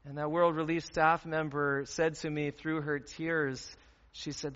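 Man preaching, earnest and conversational, bright edge, long church reverb. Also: on the high side, little pitch movement, a little slow. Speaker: pastor. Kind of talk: sermon. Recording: dull sound with long hall reverb.

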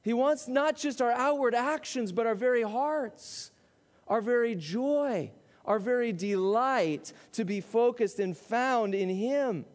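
A man with a notably high voice preaches to his congregation, driving his points home with repeated questions and emphasis. His words ring out with a long reverb trailing behind them in the church hall. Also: slow pace. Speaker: pastor. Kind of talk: sermon. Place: church sanctuary.

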